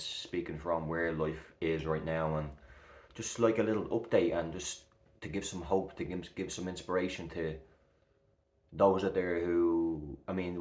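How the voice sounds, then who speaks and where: Very deep, flat-voiced man. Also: reverberant. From Ireland. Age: 30s. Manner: earnest, reassuring, rambling with fillers. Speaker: recovery coach vlogger. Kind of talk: heartfelt casual talk to camera.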